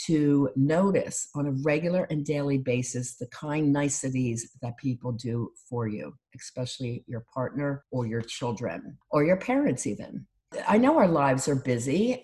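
A woman life coach giving a calm, instructive talk on gratitude and mindfulness, listing things one by one. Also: extremely low pitch. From United States.

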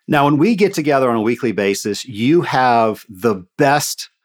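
A man's voice: mid-range voice, expressive, normal speed. A man hosting a podcast, asking a guest questions in an upbeat, friendly way. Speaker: podcast host. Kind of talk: interview questions.

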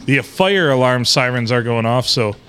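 A man's voice: mid-range voice, expressive, moderate pace, fairly bright tone, clean tone. A man, co-hosting a podcast in crude, joking casual chat. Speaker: podcast co-host.

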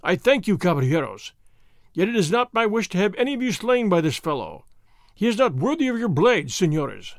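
Man putting on a pompous governor, blustery, flustered, high lively voice. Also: a little fast, no echo, studio quality.

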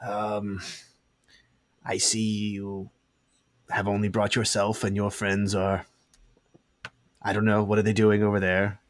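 A man's voice: lowish voice, completely flat delivery, slow, pauses often. A man voicing a scheming male gnome wizard who talks in a smarmy, sing-song way. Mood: oily.

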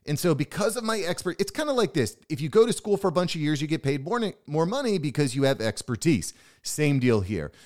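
Fired-up man with a lively voice. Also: fairly high pitch, fairly quick. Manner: pumped-up motivational, emphatic. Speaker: podcast host. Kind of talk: solo business podcast monologue.

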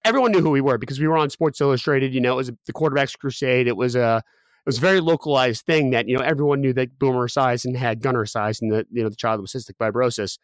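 A man in his thirties, a podcast guest, telling a personal story quickly with many restarts and fillers. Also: medium pitch, no echo. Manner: rapid, with frequent restarts and fillers.

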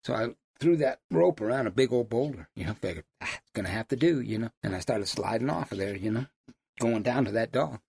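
A middle-aged man, a hunting guide, telling stories in casual chat with loud, high bursts when he quotes people. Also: a little fast, vocal fry, slight background noise. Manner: animated yarn-spinner, loud high bursts when quoting.

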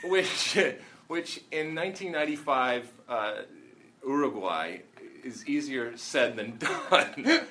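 A former soccer player telling a story in casual chat, halting with fillers and restarts. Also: male voice, mid-range voice, wildly swooping pitch, bright, forceful tone, slight background noise. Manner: rambling, halting anecdotes with many fillers and restarts.

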